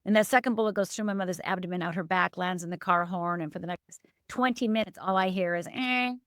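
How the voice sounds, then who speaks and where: This is emotional personal storytelling from a life coach, a middle-aged woman from Upper Michigan, USA, guesting on a podcast. Her fairly bright voice moves fast, earnest and emphatic, with abrupt rises and falls in pitch. The sound is studio quality with no room sound.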